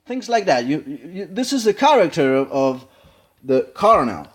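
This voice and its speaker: A man with a Spanish accent, a native Spanish speaker, casually analyzing a film scene, halting and searching for words. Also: on the high side, very animated. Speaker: acting learner.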